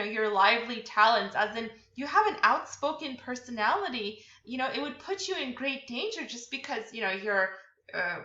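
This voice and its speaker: Woman tutor chatting thru slides, um and uh a lot, bright kinda highish voice, roomy lo-fi sound. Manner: chatty, many fillers and restarts. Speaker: literature tutor. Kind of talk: casual lecture over slides. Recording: echoey room, dull lo-fi sound.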